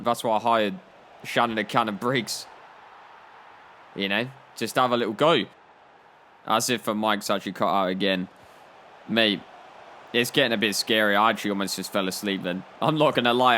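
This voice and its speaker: A man's voice: lowish voice, bright, forceful tone, slight background noise. A young man telling playful, joking stories while commenting on a football video game. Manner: playful storytelling, laughing at his own jokes. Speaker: gaming YouTuber.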